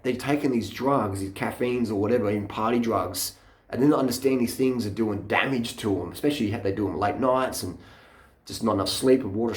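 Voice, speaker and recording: A man's voice: lowish voice, roomy sound. A man, vlogging into a handheld camera in a blunt, mocking rant full of swearing. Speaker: fitness vlogger. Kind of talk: profane off-the-cuff rant.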